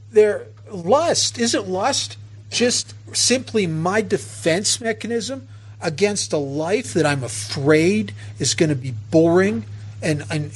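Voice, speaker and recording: A man with a fairly high, husky voice speaks at a recovery meeting. He talks earnestly and personally, often stumbling and restarting his sentences as he tells his stories. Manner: earnest, storytelling, frequent restarts.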